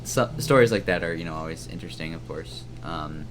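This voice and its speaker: A man's voice: deep voice, a little fast, noisy background. A young man co-hosting a comedy podcast about films, rambling through jokes and correcting himself as he goes. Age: young adult. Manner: rambling, jokey, self-correcting. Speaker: podcast co-host. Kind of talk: casual comedic film chat.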